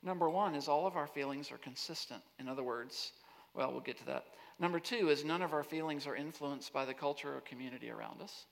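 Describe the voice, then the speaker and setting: Animated man lecturing in an echoing hall. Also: fairly high pitch, a little fast, vocal fry. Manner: animated, rhetorical, checks in with the audience. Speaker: speaker. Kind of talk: lecture-style talk to students. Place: large hall on a college campus. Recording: long hall reverb.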